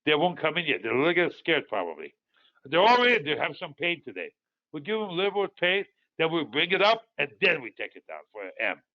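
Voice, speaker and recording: Fast and muffled, this recording captures a slightly high male voice with big pitch swings. He's an Iranian market commentary host in his sixties who rambles casually through digressive stories, dropping fillers constantly.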